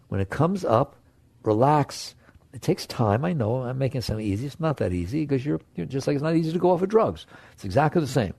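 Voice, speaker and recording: A man with a gravelly voice gives a spiritual talk, coaxing and direct with his listeners. He leaps into playful high tones, then drops to soft, low asides. The sound is dry and close. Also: dry recording. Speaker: spiritual teacher.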